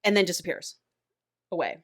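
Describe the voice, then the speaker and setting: Woman, podcast co-host, animated book recap, swears freely, dry close sound. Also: fairly low pitch, fairly quick, no room sound.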